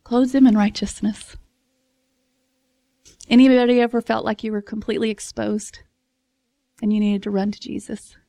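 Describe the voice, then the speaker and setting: Woman preacher, casual and expressive, fairly high voice, dry close recording. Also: moderate pace, gravelly, pauses often, dry recording. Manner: chatty and expressive, laughs often, acts out voices. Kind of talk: casual sermon.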